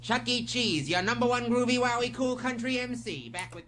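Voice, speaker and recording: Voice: medium pitch, expressive, moderate pace, fairly bright tone, a little hiss or hum, close to an everyday voice. An actor playing a cheerful male cartoon mouse mascot, talking in upbeat showman patter over a played clip. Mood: cheery. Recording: clip with music playing behind.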